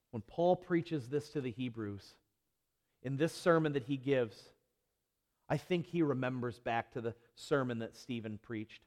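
Man preaching a sermon in a reverberant hall. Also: a little high. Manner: impassioned, repeating phrases, building to emphatic peaks. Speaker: pastor. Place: church sanctuary.

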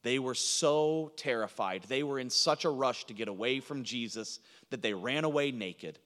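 A man preaching a sermon as a pastor, swinging from emphatic lines to low, hushed ones. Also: normal speed, long reverb tail.

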